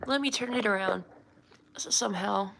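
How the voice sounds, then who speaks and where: Bright-voiced woman rambling, slight slur. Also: medium pitch, normal speed, vocal fry, slight background noise. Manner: rambling, self-deprecating, laughs often. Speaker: livestreamer and artist. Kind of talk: casual livestream chat. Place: at home, indoors.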